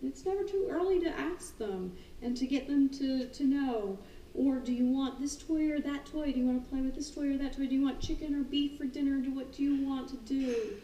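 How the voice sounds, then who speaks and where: High-voiced woman in a roomy space. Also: fairly quick, a little hiss or hum. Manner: animated, acts out excited calls and the dogs' thoughts. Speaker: dog trainer. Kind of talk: casual talk on dog training. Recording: roomy, distant mic, faint ambience.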